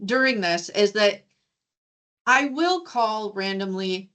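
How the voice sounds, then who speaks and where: A woman loan originator and guest coach telling a work story in a casual, animated way, acting out the voices in the conversation. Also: medium pitch, takes it slowly. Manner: animated, acts out dialogue in a lively voice.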